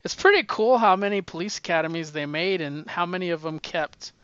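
A man's voice: high-pitched, brisk, a bit bright, clear, resonant tone, no room sound. A man co-hosting a podcast over a video call, chatty and inquisitive, often trailing off mid-sentence. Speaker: podcast co-host. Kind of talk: casual chat. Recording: dry, slightly dull lo-fi audio.

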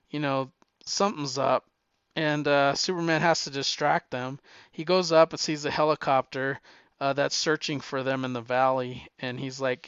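A man's voice: medium pitch, fairly bright tone, clean tone, no echo, highs cut off. A young man casually retelling a story, chatty and amused, with plenty of fillers.

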